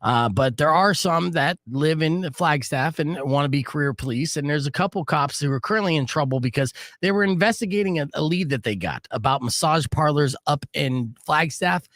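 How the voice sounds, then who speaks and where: Loud-mouthed radio guy telling stories, kinda high voice, bone dry studio mic. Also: normal speed, hardly any pauses, no room sound. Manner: animated, brash, swearing freely. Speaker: radio show host. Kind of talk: casual on-air storytelling.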